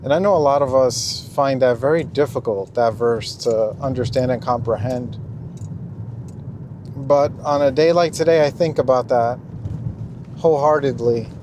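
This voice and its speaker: A man's voice: mid-range voice, moderate pace, a little mellow, slight background noise. A young man earnestly telling a personal faith testimony in casual speech, with frequent ums and you-knows. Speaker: Christian testimony vlogger.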